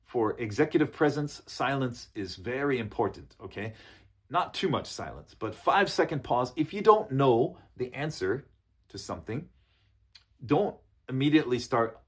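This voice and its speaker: A man teaching business in a relaxed spoken lesson, often checking in with "okay?". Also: mid-range voice, normal speed, slightly rough. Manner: relaxed, repeats points, ends with "okay?". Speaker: English coach. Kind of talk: casual spoken lesson to camera.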